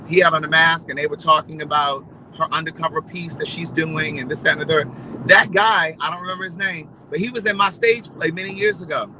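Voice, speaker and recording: A man chatting casually to his viewers, telling stories in a gossipy, animated way. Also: a little high, fairly quick, background noise. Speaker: vlogger. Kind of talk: casual storytelling chat.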